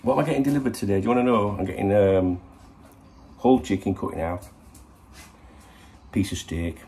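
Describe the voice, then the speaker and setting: A man's voice: fairly low pitch, brisk, dark tone. A middle-aged man, hosting a casual morning vlog to camera in a rambling, sweary, chatty way. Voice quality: gravelly. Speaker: football channel host.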